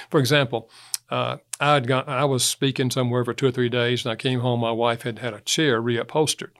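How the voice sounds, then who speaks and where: A man's voice: medium pitch, little pitch movement, a little fast, fairly bright tone. Chuckling man telling anecdotes. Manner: anecdotal, chuckles often, acts out quotes. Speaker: guest author on relationships. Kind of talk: conversational interview talk.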